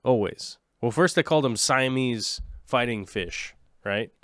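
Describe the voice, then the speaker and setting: A man's voice: medium pitch, measured pace, fairly bright tone, dry recording, studio quality. A man in his late thirties hosting a casual aquarium livestream, rambling and joking with his viewers. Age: late 30s. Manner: rambling, jokey, chats with viewers.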